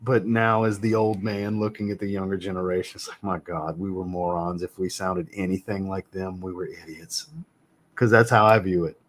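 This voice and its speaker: A fragrance reviewer in his thirties hosts a live chat from a home room with a fragrance shelf, speaking in a fairly low, flat voice at a moderate pace. He answers viewers bluntly and jokingly, swearing freely.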